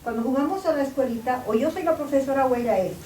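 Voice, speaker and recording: A woman's voice: sits high, rapid-fire, mellow. An older grandmother asking the group for advice in a casual, earnest way. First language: Spanish. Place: school meeting room. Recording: distant roomy pickup with faint noise.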